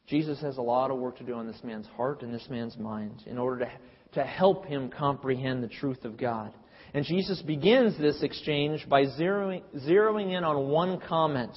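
A man's voice: mid-range voice, normal speed, husky. A man preaching a sermon in an emphatic, preacherly way, sometimes acting out the lines he quotes. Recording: dull lo-fi audio with long hall reverb.

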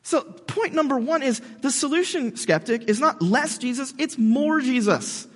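A man preaching casually to skeptics, slangy and animated, often calling the listener "dude". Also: extremely high pitch, normal speed, slightly rough. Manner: slangy and animated, says "dude", restarts words. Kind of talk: casual sermon addressed to skeptics. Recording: long hall reverb.

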